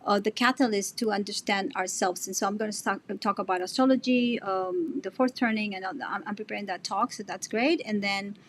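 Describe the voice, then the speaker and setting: A woman's voice: mid-range voice, brisk, hardly any pauses, a little hiss or hum. A woman guest artist in a casual remote interview, effusive and talking in bursts with restarts.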